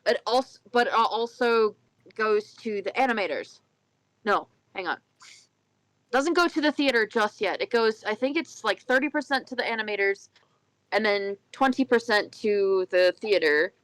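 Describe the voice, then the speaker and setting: A woman's voice: medium pitch, moderate pace, a bit bright, dry recording, low-quality recording. A woman co-hosting a casual chat show, rambling and correcting herself, slipping into a put-on Irish lilt. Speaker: podcast co-host.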